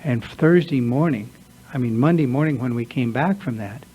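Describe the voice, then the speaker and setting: In a meeting room, a man gives an earnest, confessional talk to a recovery workshop, sometimes acting out his own inner voice. His voice is medium-pitched and husky with lively intonation, a little slow, and the recording is muffled.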